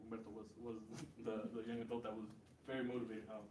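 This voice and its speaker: A young man talks quickly and casually, tagging his points with "right?" and filling pauses. He speaks as a community organizer in an echoey room, some distance from the mic, with faint noise behind him. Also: fairly low pitch, flat delivery, darkish tone. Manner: casual, many fillers and "right?" tags. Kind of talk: casual talk and Q&A. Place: university meeting room.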